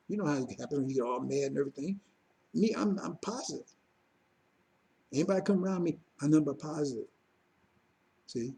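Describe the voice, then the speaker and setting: A religious teacher preaches informally to his congregation in a mellow, husky, mid-range voice, speaking a little fast with long pauses. He talks conversationally and repetitively, checking in with his listeners again and again with "see?" and "you understand?"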